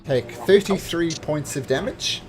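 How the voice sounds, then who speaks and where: A man running a tabletop game as game master, narrating animatedly with chuckles and quick self-corrections. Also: a little high, lively intonation.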